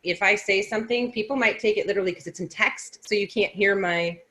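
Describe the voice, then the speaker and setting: A woman co-hosting a casual discussion, talking in a lively, chatty way with a sarcastic edge. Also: mid-range voice, brisk.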